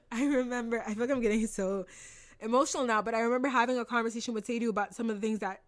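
A woman's voice: medium pitch, a bit bright. A young woman hosting a podcast, giving an emphatic motivational talk with lots of repetition, casual swearing and laughs. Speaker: podcast host and manifestation coach.

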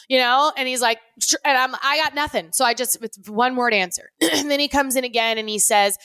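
A woman's voice: high voice, fairly quick, pushed and bright, clear, resonant tone, no echo, studio quality. A woman co-hosting a casual podcast, telling stories animatedly and acting out quoted lines with laughs. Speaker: podcast co-host. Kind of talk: casual chat.

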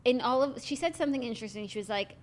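A woman's voice: fairly high pitch, very fast, a little hiss or hum. A woman co-hosting a podcast in casual chat, musing aloud and hesitating with fillers. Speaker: podcast co-host.

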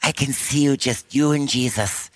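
A man voicing an earnest middle-aged Canadian woman who is praying aloud in a slow, dreamy way, with a Canadian accent. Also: mid-range voice, voice pushed up, close to an everyday voice.

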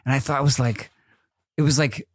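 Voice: mid-range voice, steady tone, fairly quick, no echo, clean studio sound. A podcast co-host in casual chat, teasing and leaning hard on "like". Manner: teasing, heavy use of "like".

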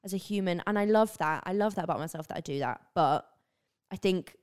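A young woman from northern England, her accent softened by years in the south, chatting openly and animatedly as a guest on a podcast. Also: lowish voice, brisk, clear, resonant tone. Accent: northern English, softened by years in the south. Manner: animated, drops into silly put-on voices. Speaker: online creator, guest. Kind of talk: casual podcast chat.

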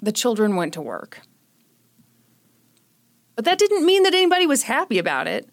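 A woman's voice: fairly high pitch, huge pitch swings, fast talker. A young woman hosting a podcast, telling a true-crime story in a casual, sarcastic way. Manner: sarcastic, joking. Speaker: podcast host.

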